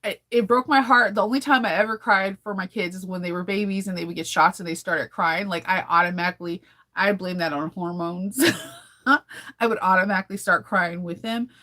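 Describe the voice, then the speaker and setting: A woman's voice: fairly low pitch, fairly quick, pushed and bright. A woman in her thirties chatting casually in a daily sewing vlog, rambling and laughing often. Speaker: sewing vlogger.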